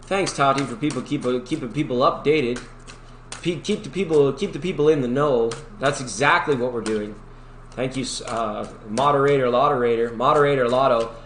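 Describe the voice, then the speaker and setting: A man hosting a live tarot reading stream, talking in a rambling, upbeat, chatty way to his viewers. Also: medium pitch. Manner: chatty, rambling, upbeat, breaks into sung snippets. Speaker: tarot reader and livestream host. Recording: echoey room with faint background noise.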